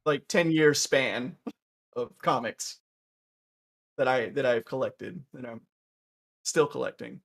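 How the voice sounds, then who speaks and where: A man in casual chat as a stream co-host, rambling with many restarts and trailing off softly. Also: medium pitch, takes it slowly, creaky, long pauses. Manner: mimics characters with raised excited voice.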